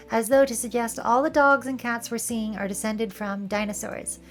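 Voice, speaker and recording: A woman with a Californian Valley Girl accent talks casually over film clips, playful and wry. Her voice sits high. A little music plays softly underneath. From San Francisco area, California. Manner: playful, wry, joking asides. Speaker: video essay host.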